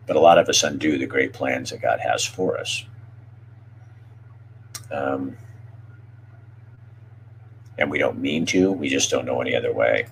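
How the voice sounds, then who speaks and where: A middle-aged man with an extremely deep voice hosts a podcast and shares personal stories. He talks candidly and emotionally, often pausing and restarting his sentences. A faint hum runs underneath. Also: vocal fry. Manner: halting, with many pauses and restarts. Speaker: podcast host. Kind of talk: heartfelt personal storytelling.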